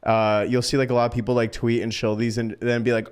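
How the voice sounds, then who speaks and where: A man's voice: lowish voice, level tone, fast, darkish tone, clear, resonant tone. A man co-hosting a casual podcast chat, blunt and profane.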